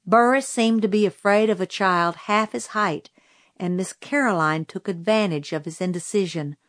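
A woman reading a novel aloud as a storybook narrator, in a measured, deliberate way. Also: mid-range voice, dry recording, studio quality. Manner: slow, measured, deliberate delivery. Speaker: audiobook reader.

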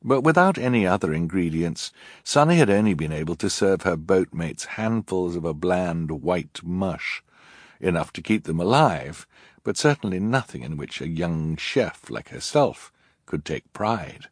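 A man narrating an audiobook in a dry, wry, deliberate manner. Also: deep voice, very animated, no echo.

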